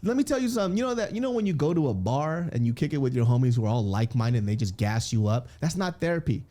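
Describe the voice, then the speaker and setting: Guy in his 30s on a podcast, super animated, swears a lot, acts out what people said, warm mellow voice. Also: mid-range voice, quick pace. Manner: animated storyteller, swears freely, laughs often, acts out quotes. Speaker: guest comedian. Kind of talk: candid podcast interview.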